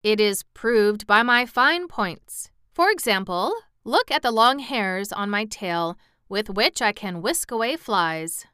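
A woman's voice: medium pitch, animated, takes it slowly, pushed and bright, clear, resonant tone, dry recording, clean studio sound, pitched above the performer's own voice. A woman voicing a proud, boastful male cab horse who talks down with pity. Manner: haughty, pitying.

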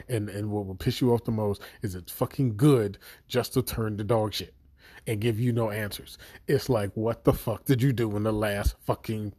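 A man with a lowish, mellow voice tears into a show in a heated video review. He swears freely and sounds exasperated. His rant loops back on itself as he vents. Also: slightly rough.

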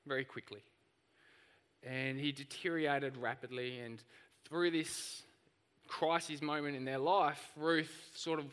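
Bright-voiced preacher in a church hall. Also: male voice, fairly high pitch, smooth. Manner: animated storytelling preacher. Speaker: pastor. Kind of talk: sermon.

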